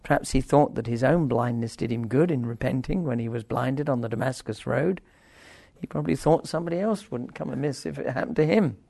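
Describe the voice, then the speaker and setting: Gravelly older man teaching scripture. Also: mid-range voice, brisk, warm tone, dry recording. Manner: discursive, wry asides, reads scripture aloud with force. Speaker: Bible teacher. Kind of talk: informal Bible exposition.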